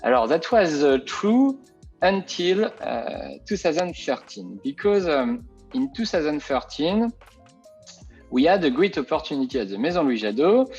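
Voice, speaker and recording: A man's voice: fairly high pitch, big pitch swings, a little slow, darkish tone, breathy edge, dull audio, soft background music. A man with a French accent, a native French speaker, presenting as a winemaker over a video call, hesitant and full of fillers and French interjections. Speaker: winemaker guest.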